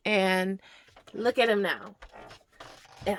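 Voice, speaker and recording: A young woman strolls through a casual vlog about her houseplants, speaking in an unhurried, fairly high voice. She coos fondly at each plant. Now and then her voice falls to a soft near whisper. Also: lively intonation, slight background noise. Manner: drops to a near whisper at times. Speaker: plant vlogger.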